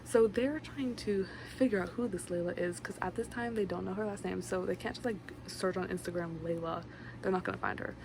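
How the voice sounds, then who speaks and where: A young woman talks through a book's plot in a loose, chatty ramble, full of fillers and quick asides. Her voice has a gravelly fry to it. A fan hums clearly in the room behind her. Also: medium pitch. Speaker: book vlogger. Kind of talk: casual book summary to camera. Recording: noisy room with a fan running.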